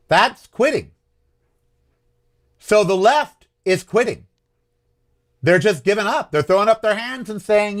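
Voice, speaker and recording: A man's voice: sits high, lively intonation, a little slow, long pauses. A man hosting his own show, talking in a rambling, frustrated political monologue that keeps questioning itself. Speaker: host.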